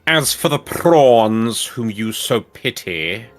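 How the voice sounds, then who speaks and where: A man doing a solemn, slow-spoken game elder. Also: mid-range voice, lively intonation, voice pushed down. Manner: slow, grave, ceremonial reading. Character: solemn archaic-speaking male game elder.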